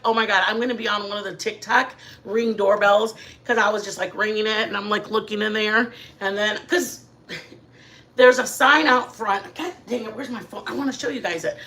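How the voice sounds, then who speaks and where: A middle-aged woman hosting a casual livestream from her living room, telling rambling, animated stories to her chat. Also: medium pitch, brisk. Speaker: channel host.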